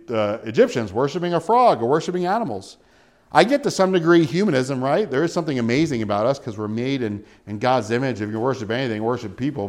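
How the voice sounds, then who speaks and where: Animated male preacher, big pitch swings. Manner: chuckles often while preaching. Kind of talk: sermon.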